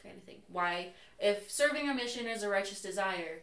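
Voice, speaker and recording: A woman's voice: medium pitch, moderate pace. Candid young woman telling a story. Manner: candid, animated storyteller who acts out quotes. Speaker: interview guest. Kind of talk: casual storytelling chat. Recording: roomy echo, voice far from mic.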